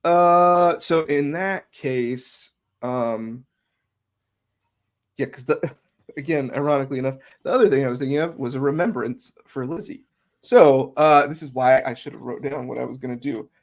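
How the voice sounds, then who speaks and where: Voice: mid-range voice, moderate pace. A player in a tabletop game chatting casually, rambling with many fillers and restarts. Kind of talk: casual chat between players.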